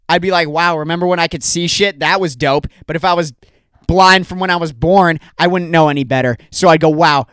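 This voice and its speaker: A man's voice: a little high, a bit bright, clean tone, no echo, clean studio sound. A young man hosting a comedy podcast, ranting in a mock-angry way with lots of rhetorical questions. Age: young adult. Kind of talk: solo comedic rant.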